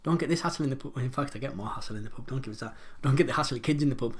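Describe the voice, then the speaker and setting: A man's voice: mid-range voice, racing. A man hosting a pub quiz live from home, chatty and rambling, joking about his own pronunciation as he reads out the questions.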